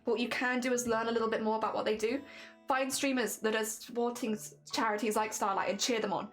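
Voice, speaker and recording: Brit girl streamer, kinda high voice, teary and earnest, stumbles and restarts a lot. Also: fairly even intonation, faint music behind. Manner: earnest, emotional, halting with restarts. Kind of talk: casual charity livestream chat.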